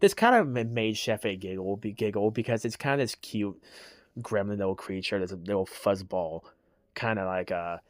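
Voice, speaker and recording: A man's voice: lowish voice, expressive, normal speed, no echo, clean studio sound. A man casually explaining his characters' story, hesitant and full of restarts. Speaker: creator telling his character lore.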